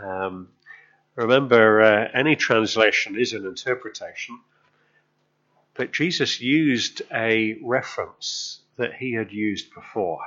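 A man's voice: lowish voice, takes it slowly, a bit bright, dull audio. A male preacher telling a story in a sermon, chatting with the congregation and often asking them questions.

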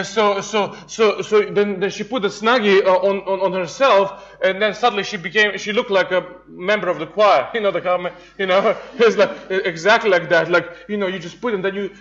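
A man's voice: high-pitched, a bit bright. A man from Serbia, preaching a humorous sermon, telling jokey stories with laughs and many restarts. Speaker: pastor. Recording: dull lo-fi sound.

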